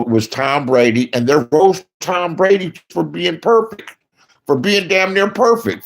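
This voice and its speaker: A man rants casually while giving streamer commentary. He's blunt and profane, lurching from quiet mutters to loud outbursts.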